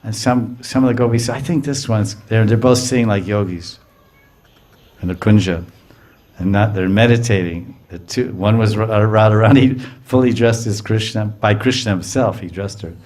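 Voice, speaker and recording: A low-voiced man gives a religious lecture in storytelling form. He acts out the figures and keeps checking that his listeners follow. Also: normal speed, a little mellow. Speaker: spiritual teacher.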